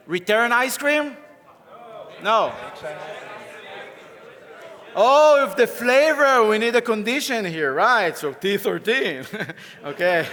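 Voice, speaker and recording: Brief: male conference speaker, high and slow-paced, playful, laughs a lot, roomy hall sound with crowd. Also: sharp tone. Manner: playful, laughing often, directing volunteers. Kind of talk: live coding talk on stage. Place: conference stage. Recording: echoey conference hall with audience.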